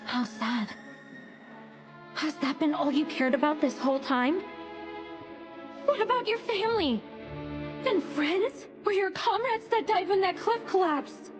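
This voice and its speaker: A woman voicing a calm, compassionate young queen in an anime dub, speaking gently and earnestly. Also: extremely high pitch, measured pace, long pauses, dull audio, music in the background. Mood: probing. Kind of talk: English anime dub acting.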